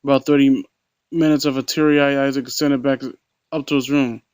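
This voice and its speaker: Brisk and medium-pitched, with little pitch movement, this man's voice comes across a little mellow and clean in a dry recording. He reads a horror story at a close home mic, stumbling, restarting repeatedly, and adding mocking, sarcastic commentary as narrator and critic.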